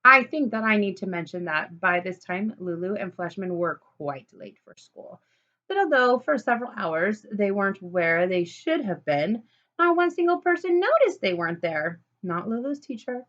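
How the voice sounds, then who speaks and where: A woman's voice: mid-range voice, a bit bright, muffled recording. A woman reading a children's book aloud, with playful, chatty asides to the listener. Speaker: storybook reader.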